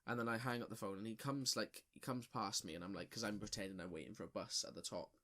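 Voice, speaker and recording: A man's voice: fairly low pitch, steady tone, quick pace, a bit bright. A young man, co-hosting a podcast and telling a story in a loose, sweary way full of fillers and restarts. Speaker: podcast co-host. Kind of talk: casual storytelling chat.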